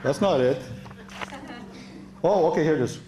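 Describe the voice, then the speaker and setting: A man's voice: on the high side, moderate pace, background noise. A man doing stand-up at a live club show, telling true stories in a chatty way, laughing at his own lines and quoting people in a raised voice. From Europe. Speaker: stand-up comedian. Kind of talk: stand-up storytelling. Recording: echoey club room.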